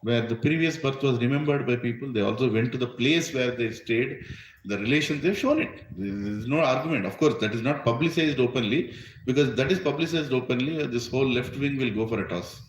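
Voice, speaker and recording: A man's voice: medium pitch, brisk, reverberant, slight background noise, rough recording. A man with an Indian accent giving an emphatic religious discourse, full of rhetorical questions. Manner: emphatic, rhetorical, asks "right?" often. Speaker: spiritual teacher.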